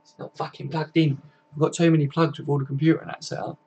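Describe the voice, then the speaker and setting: Young male stream host, gravelly and a touch high, casual and profane, lo-fi home recording. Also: flat delivery, fast, a little mellow, a little hiss or hum. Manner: chatty and matey, swears often, reads chat aloud. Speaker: livestream host. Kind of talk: casual live-stream chat. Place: home computer setup.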